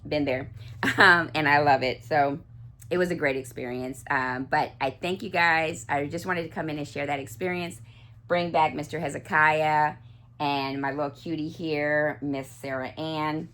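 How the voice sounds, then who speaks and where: A woman's voice: sits low, steady tone, a little slow, fairly bright tone. A middle-aged woman chatting casually to camera about her dolls, gushing and full of fillers and restarts. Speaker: doll collector vlogger. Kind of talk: casual chat.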